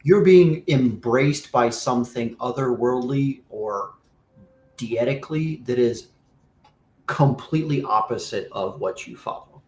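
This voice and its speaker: A man's voice: medium pitch, unhurried, a little mellow, echoey room, a little hiss or hum, low-quality recording. A man narrating a tabletop game as game master, loose and full of fillers.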